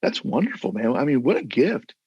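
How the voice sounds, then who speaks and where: Older male guest, husky and gravelly, earnest rambling storyteller, dull video-call sound. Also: mid-range voice, very animated, fairly quick, darkish tone, no room sound. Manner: earnest, rambling with many restarts. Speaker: guest, former mayor. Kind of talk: casual interview storytelling.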